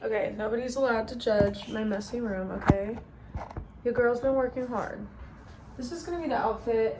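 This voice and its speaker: A woman's voice: on the high side, normal speed. Young woman rambling to her camera in her bedroom, slangy and chatty, a bit roomy, faint hum behind. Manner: chatty, storytelling, uses slang like "y'all" and "you feel me". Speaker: vlogger. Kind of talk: casual vlog chat. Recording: echoey room.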